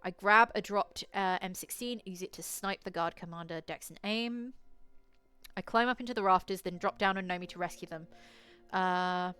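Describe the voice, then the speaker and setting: A woman's voice: lowish voice, normal speed, pushed and bright, clear, resonant tone. A woman reading aloud and playing a solo tabletop horror adventure, casual and swearing, laughing at herself. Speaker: solo tabletop game player and narrator.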